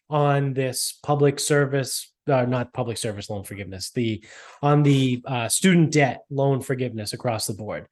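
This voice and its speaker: A man's voice: mid-range voice, a little mellow. A man co-hosting a podcast in casual chat, loose and joking, with frequent swearing and laughter. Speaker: podcast co-host.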